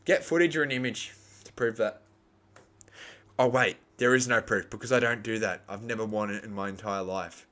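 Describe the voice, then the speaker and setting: Young Australian bloke, low voice, rambling live-stream host who bickers with chat. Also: male voice, moderate pace, fairly bright tone. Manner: rambling, argues with chat, crude. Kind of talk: live cricket reaction stream.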